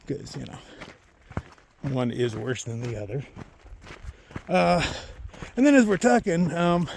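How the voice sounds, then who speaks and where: A man telling a story outdoors on a hiking trail, ranting and swearing in a loose, animated way that swings from loud outbursts to muttered asides. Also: on the high side, slight background noise. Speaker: long-distance thru-hiker vlogger. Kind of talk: casual storytelling.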